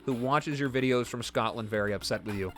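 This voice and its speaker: A man hosting a video game let's play, giving casual, self-deprecating commentary in an animated, jokey way. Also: medium pitch, brisk, faint music behind.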